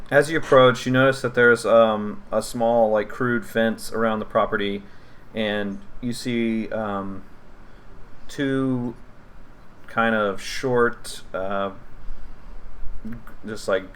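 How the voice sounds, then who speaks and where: A man's voice: on the low side, fairly even intonation, slow pace, pauses often, a bit bright. A young man narrating a tabletop game as game master, casual and full of fillers.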